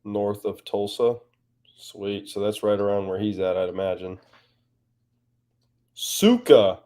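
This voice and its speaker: A man's voice: lowish voice, completely flat delivery, normal speed, mellow, clean tone. A man as a guest on a livestream, chatting casually and reading viewer comments, laughing often and joking.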